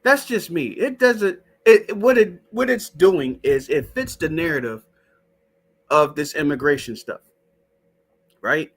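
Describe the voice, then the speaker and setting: A man's voice: a little high, unhurried. A man hosting a casual stream, talking to his chat in a profane, skeptical way. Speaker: show host. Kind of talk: casual live-stream talk.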